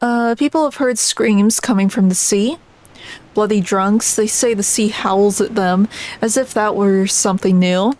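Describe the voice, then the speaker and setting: A woman's voice: medium pitch, a little mellow, natural voice. A woman reading out the lines of a grim, vengeful old fisherman from a game, plainly and with small stumbles, in her own everyday voice. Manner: reads the lines plainly, halting on some words. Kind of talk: reading game dialogue aloud.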